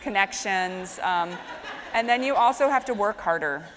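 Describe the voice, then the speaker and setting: A woman in her thirties hosting a stage conversation, talking in a lively, filler-heavy, storytelling way. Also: medium pitch, moderate pace. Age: 30s. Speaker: host moderating a stage conversation. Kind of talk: chatty onstage conversation. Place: stage of a live event in a hall. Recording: echoey hall with faint noise.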